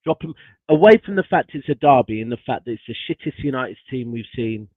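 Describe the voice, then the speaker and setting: A man's voice: mid-range voice, animated, a little fast, no room sound. Exasperated man on a tinny mic. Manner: exasperated and passionate, swears a lot. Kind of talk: casual football chat on a livestream. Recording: tinny dry phone-like mic.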